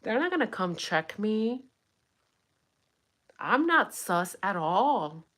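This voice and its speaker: A woman's voice: mid-range voice, big pitch swings, takes it slowly, a bit bright. A young adult woman giving blunt, sarcastic true crime commentary in a casual livestream, swearing freely.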